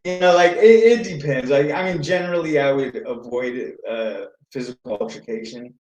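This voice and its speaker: A man's voice: mid-range voice, normal speed, darkish tone. A man co-hosting a casual podcast, talking bluntly and jokingly with a lot of swearing. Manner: blunt, profane, jokey. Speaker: podcast co-host. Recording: roomy echo.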